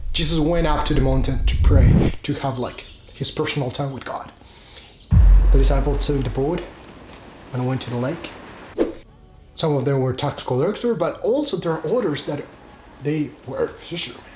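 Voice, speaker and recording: A man's voice: mid-range voice, measured pace, darkish tone, slight background noise. Man retelling a Bible story, echoey room. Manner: informal, full of "like", with non-native phrasing. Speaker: devotional speaker. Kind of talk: casual devotional Bible retelling.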